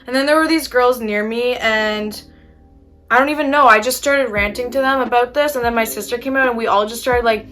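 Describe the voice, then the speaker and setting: A woman's voice: a little high, brisk, a bit bright, soft background music. A young woman chatting casually while doing her makeup, telling an exasperated story with casual swearing. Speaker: beauty vlogger.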